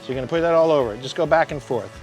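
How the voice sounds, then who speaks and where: A man's voice: on the high side, racing, faint music behind. Upbeat man hosting a grilling demo. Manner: upbeat, chatty, addresses viewers directly. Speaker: grilling show host. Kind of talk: cooking demonstration to camera.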